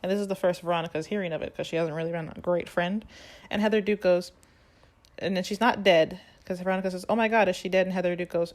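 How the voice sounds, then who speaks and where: A young woman chatting casually on a podcast, retelling a musical's plot with lively quoted lines. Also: on the low side, fast talker. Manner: animated storytelling, acts out quoted lines. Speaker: podcast co-host. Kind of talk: casual chat recapping a musical.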